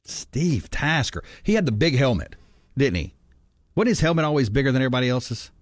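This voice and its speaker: A man's voice: medium pitch, lively intonation, brisk, no echo, clean studio sound. A man hosting a sports talk radio show, giving his picks and reading listener texts in an opinionated, chatty way. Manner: opinionated, reads texts and calls aloud.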